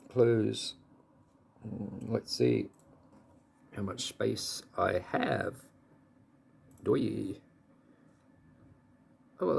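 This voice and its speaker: A man's voice: vocal fry, husky. A man in his fifties or older, talking to the camera in a rambling, casual monologue and chuckling as he goes. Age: 50s or older. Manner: rambling, chuckling, pitch jumping up when excited. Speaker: vlogger.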